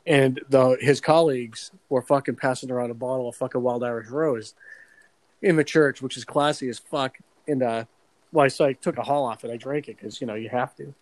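Talking a little fast at medium pitch, a man in his 40s tells profane stories in a relaxed podcast conversation. He's animated, swears freely, and laughs at his own jokes, all on a rough recording.

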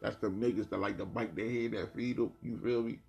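A man's voice: fairly low pitch, steady tone, a little fast, darkish tone, dull audio, soft background music. A man from New Jersey talking in a casual monologue, ranting bluntly with heavy slang and a lot of repetition. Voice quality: gravelly, husky.

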